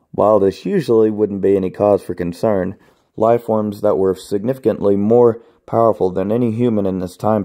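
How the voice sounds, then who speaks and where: A young man reading his own absurd comedy fanfiction aloud in a flat, deadpan way. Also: deep voice.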